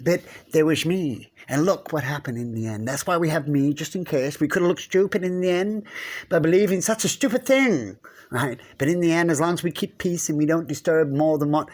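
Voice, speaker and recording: A man voicing a smug, self-justifying male survivor from a zombie film, raising his pitch and lecturing. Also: a little fast, darkish tone, lightly acted.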